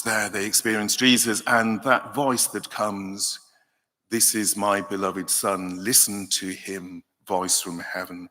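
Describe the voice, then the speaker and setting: A man's voice: on the low side, bright, forceful tone. Welsh male dean reading in a hall. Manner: measured reading, then thoughtful talk with fillers. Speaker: cathedral dean leading Bible study. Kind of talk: Bible reading and reflective teaching. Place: large convention hall. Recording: long hall reverb.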